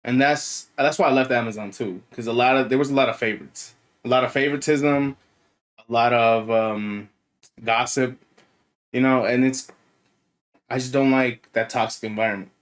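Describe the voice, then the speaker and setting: A man co-hosting a podcast in casual chat, relaxed and rambling. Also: medium pitch, normal speed. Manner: relaxed, rambling, fillers like "you know what I mean". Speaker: podcast co-host.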